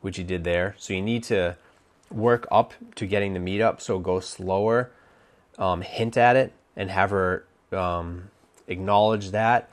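A man's voice: low voice, steady tone, measured pace. A man coaching on dating, giving casual advice while thinking aloud, with many restarts and fillers. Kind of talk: casual instructional talk.

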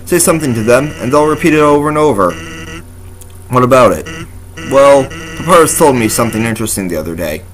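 Laid-back skeleton joker with a lively, wandering pitch, read by a man; offhand game dialogue. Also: fast, close to an everyday voice, rough recording. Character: lazy joking male skeleton. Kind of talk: reading game dialogue aloud.

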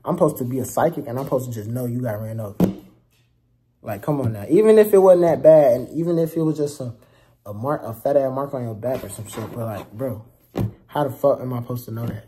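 In a casual storytime rant, a young vlogger tells his viewers a story in heated slang, swearing heavily and frequently turning aside to address the audience. He speaks quickly, with a medium pitch and a dark tone.

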